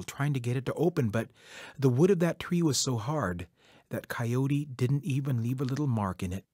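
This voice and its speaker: A man telling a traditional folk tale in a rhythmic, repetitive, measured way. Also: medium pitch, a little mellow, husky, no echo, studio quality. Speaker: storyteller. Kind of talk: oral folk-tale storytelling.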